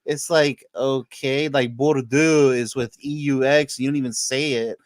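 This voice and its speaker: A man's voice: medium pitch, steady tone, no room sound. Chill guy co-hosting, slangy, says yeah man a lot, mid voice, dry close sound. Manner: laid-back, slangy, quick agreements. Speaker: podcast co-host. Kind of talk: casual chat.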